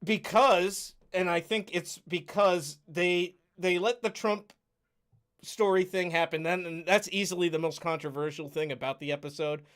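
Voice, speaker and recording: A man's voice: high voice, steady tone, moderate pace, a bit bright. A man co-hosting a podcast, chatting casually, chiming in with wry remarks and a few restarts. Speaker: podcast co-host. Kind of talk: casual chat.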